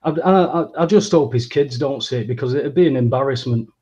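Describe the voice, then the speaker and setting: A man's voice: medium pitch, a little fast, warm tone. Blunt man, dull sound. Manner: blunt, scornful, swears a lot. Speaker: podcast co-host. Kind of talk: casual chat.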